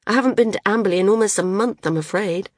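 A woman's voice: mid-range voice, fast talker, dry recording, clean studio sound, lightly acted. A woman voicing a devoted, persuasive woman flyer in an audiobook, her lines read in a coaxing, impassioned way. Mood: calm. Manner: coaxing, impassioned dialogue reading.

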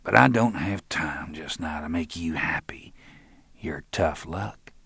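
A man's voice: a bass voice, animated, takes it slowly, vocal fry, pushed and bright, husky, no room sound, exaggerated voice. A man playing a crude, menacing middle-aged man in an audiobook, blunt and slangy. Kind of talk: audiobook narration.

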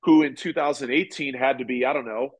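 A man in his forties, a former ballplayer, telling stories in a relaxed, rambling way during an interview. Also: medium pitch, fairly quick. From United States. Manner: relaxed, rambling, many restarts. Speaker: podcast guest, former pitcher and golfer. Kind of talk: casual interview storytelling.

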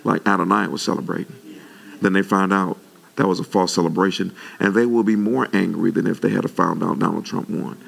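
A male pastor preaching to his congregation with a very gravelly, rough-edged voice that sits on the low side. His delivery is animated, and his pitch leaps up whenever he gets worked up. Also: a little fast. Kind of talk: sermon.

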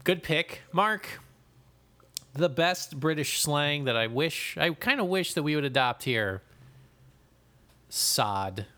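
Bright-voiced, joking male co-host. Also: on the high side, animated. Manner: quick, joking, swears freely. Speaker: podcast co-host. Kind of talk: casual comedic chat.

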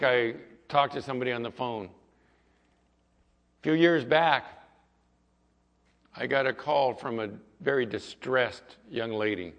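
A male pastor preaching a sermon and telling a story, moving between loud passages and hushed ones. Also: mid-range voice. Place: church sanctuary. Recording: echoey hall, dull lo-fi sound.

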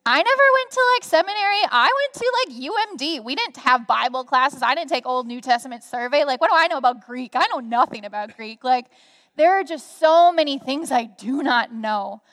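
A young woman speaking on stage, telling a story in a chatty, animated way with many fillers. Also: high-pitched, brisk. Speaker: guest speaker. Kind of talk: conversational sharing on a church stage. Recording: reverberant hall sound.

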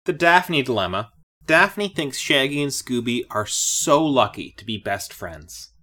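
A woman co-hosting a casual podcast chat about a cartoon episode, playful and quick to laugh. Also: a bass voice, sing-song, a bit bright. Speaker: podcast co-host.

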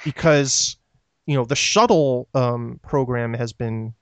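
A man's voice: medium pitch, slow pace, dry recording. A man co-hosting a casual podcast, rambling with lots of fillers as he tells stories and answers listener questions. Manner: rambling, filler-heavy storytelling. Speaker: podcast co-host.

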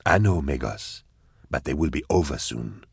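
A ruthless schemer speaks in a very deep, husky murmur, as a male reader voices him. Each line lands quietly and coldly, close to a dry mic. It sounds threatening without raising the voice. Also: expressive, normal speed, no room sound, full character voice. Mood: menacing.

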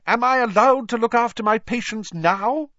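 A man voicing a bossy, fretful school nurse woman who talks sharp and indignant. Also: very high voice, moderate pace, no room sound, muffled recording, voice pushed up.

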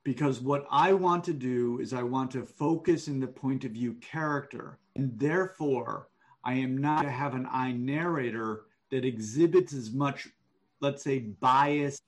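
A man giving one-on-one manuscript feedback over an online call, explaining deliberately and thinking aloud. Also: mid-range voice. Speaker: writing coach.

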